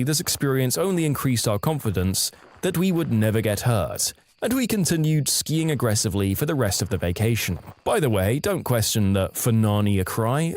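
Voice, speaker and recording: A man narrating scripted first-person stories in a lively storytelling manner. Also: medium pitch.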